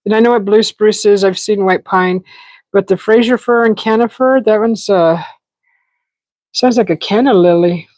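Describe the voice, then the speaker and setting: A woman's voice: mid-range voice, normal speed, darkish tone, no room sound, rough recording. A woman hosting a casual livestream, chatting to viewers in a loose, giggly way with lots of restarts. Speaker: livestream host. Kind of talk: casual live chat with viewers. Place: outdoors in a desert yard.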